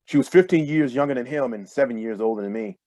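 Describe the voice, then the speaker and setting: A man reading his own first-person fiction aloud in a steady, measured way over a video call. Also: mid-range voice, dry recording. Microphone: computer mic on a video call.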